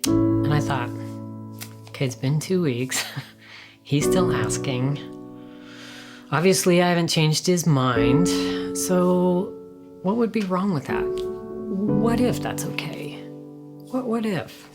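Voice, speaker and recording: A woman giving an emotional personal testimony, halting and reflective, her voice lifting on questions. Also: on the low side, lively intonation. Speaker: interviewee. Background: loud guitar music.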